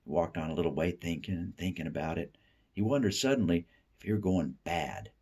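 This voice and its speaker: A man from the Appalachian United States reading a short story aloud, with expressive delivery that drops soft and low for inner thoughts. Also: fairly quick, breathy edge. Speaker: reader.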